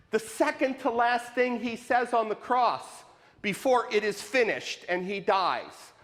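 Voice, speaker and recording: A man with a high voice preaches at a slow, deliberate pace. He asks question after question and repeats lines for effect. The sound carries a long reverb from a church sanctuary. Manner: animated, questioning, rhetorical repetition. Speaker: pastor. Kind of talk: sermon.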